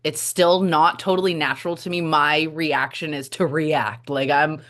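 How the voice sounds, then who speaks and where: Deep-voiced candid woman. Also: fairly even intonation, moderate pace, a bit bright. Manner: candid, chatty, many fillers like "like". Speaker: co-host, stroke survivor advocate. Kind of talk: casual heartfelt chat.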